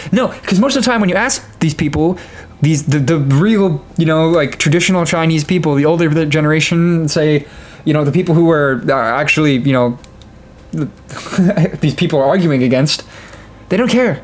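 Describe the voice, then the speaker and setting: Young guy ranting at his viewers, kinda high voice, lots of uh and like, keeps restarting his sentences. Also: brisk. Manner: ranting, frequent fillers and restarts, laughing asides. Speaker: gaming video creator. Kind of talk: casual rant to camera.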